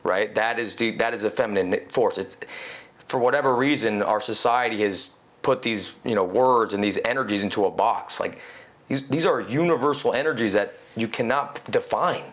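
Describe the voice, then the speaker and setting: A man talking as a podcast guest in casual conversation, animated and swearing casually, peppering his talk with "you know". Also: lowish voice, normal speed. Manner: animated, acts out quoted inner voices.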